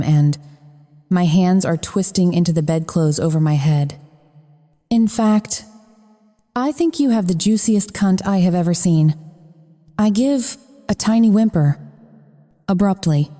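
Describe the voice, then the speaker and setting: A woman's voice: fairly low pitch, warm tone. A woman narrating a first-person romance audiobook in a frank, profane manner. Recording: long reverb.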